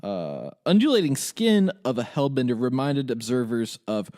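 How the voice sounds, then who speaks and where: A man's voice: mid-range voice, normal speed, no room sound, studio quality. A young man from Virginia co-hosting a podcast in casual chat, rambling with many restarts. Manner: rambling, restarts often, lively intonation. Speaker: podcast co-host.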